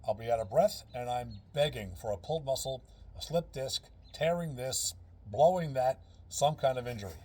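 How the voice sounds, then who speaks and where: A man with a husky, slightly rough voice talks straight to camera in a casual instructional vlog. He explains earnestly and patiently, repeating his key phrases as he builds each point one step at a time. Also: mid-range voice, lively intonation, moderate pace, warm tone. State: out of breath. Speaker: fitness and breathing instructor.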